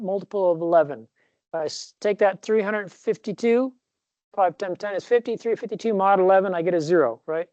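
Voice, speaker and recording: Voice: mid-range voice, darkish tone, no echo, dull audio. A professor giving a recorded classroom lecture, rambling a little, correcting himself mid-sentence and dropping jokey asides.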